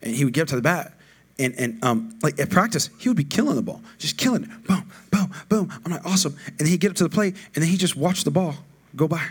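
A middle-aged male pastor with a fairly high voice preaches in a loose, conversational way. He often swells into loud, rousing exhortation. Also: lively intonation, quick pace, husky. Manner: conversational, builds to loud call-and-response preaching. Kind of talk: sermon.

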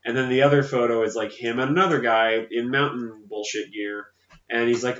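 A man co-hosting a casual film podcast, rambling and swearing as he recaps scenes and acts out characters in quick voices. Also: medium pitch, steady tone, a bit bright. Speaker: podcast co-host. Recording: roomy, dull lo-fi sound.

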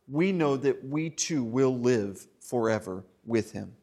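A man preaching a sermon in an animated, conversational way, with fillers and asides. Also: mid-range voice, a little slow, hardly any pauses. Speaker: pastor.

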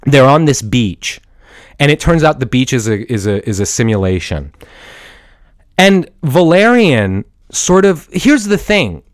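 A man's voice: mid-range voice, big pitch swings, dry recording. Rambling man, dry close voice. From Iran. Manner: halting, many restarts and fillers, swears freely. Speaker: podcast host and film reviewer. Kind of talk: casual rambling monologue. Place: at home with a dog. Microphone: studio microphone.

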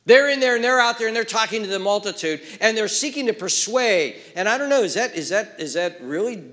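High-voiced man preaching with dramatic swings. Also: animated, a little fast. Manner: dramatic, swings from loud emphasis to hushed near-whisper. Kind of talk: expository sermon.

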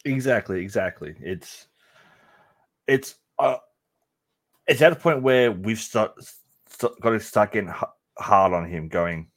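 Male panelist, very deep voice, agreeable chime-ins. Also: a little slow, long pauses. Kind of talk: casual sports talk panel.

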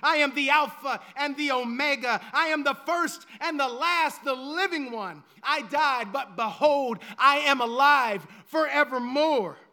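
A preacher voicing Jesus, booming and majestic. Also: male voice, unhurried, hardly any pauses, sharp tone, heavily acted. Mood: commanding. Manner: booming, declaiming proclamations. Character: Jesus, risen divine lord, majestic and commanding.

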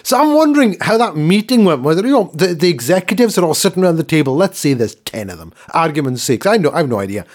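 A man's voice: fairly high pitch, quick pace, few pauses. A man co-hosting a sports podcast, ranting in casual chat and laughing at himself. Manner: animated ranting, mock voices, laughs. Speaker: podcast co-host.

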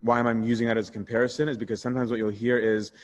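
A priest teaching a Bible study in a candid, conversational way, answering questions and telling personal stories. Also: male voice, mid-range voice, racing. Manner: candid and conversational, shifts into animated retelling.

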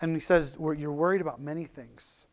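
A man giving a casual, conversational sermon as a pastor, animated and full of restarts and fillers. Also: a little high, fairly quick.

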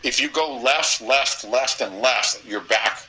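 A man's voice: medium pitch, slow pace, a loud crowd, poor audio. A man with a Boston accent telling a crude, rambling story as a podcast guest, profane and often laughing.

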